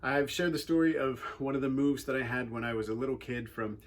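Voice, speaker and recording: A man with an English accent, telling a personal story in an animated, wry and earnest way as a youth speaker. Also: mid-range voice, fairly quick. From England.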